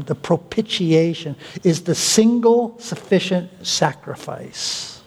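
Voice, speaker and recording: A male pastor preaching a sermon, with deliberate pauses and an emphatic delivery. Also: fairly high pitch, darkish tone. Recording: long hall reverb.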